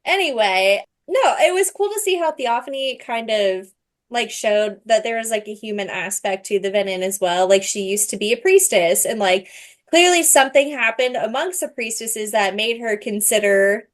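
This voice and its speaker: An animated young woman with a somewhat high voice co-hosts a podcast in relaxed, casual talk. She reacts openly and laughs readily. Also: moderate pace. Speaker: podcast co-host. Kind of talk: casual chat.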